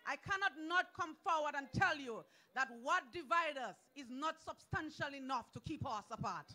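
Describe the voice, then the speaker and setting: A Dominican man speaks at an outdoor rally, his voice very high and piercingly bright. He shouts repeated rallying calls with fiery force. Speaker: senator. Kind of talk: political rally speech.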